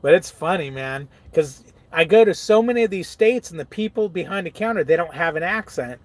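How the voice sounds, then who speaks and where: A man's voice: a little high, lively intonation, a little fast, no room sound. A truck-driving man in casual live-stream chat, laid-back, laughing often and reading viewer comments aloud. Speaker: truck driver vlogger.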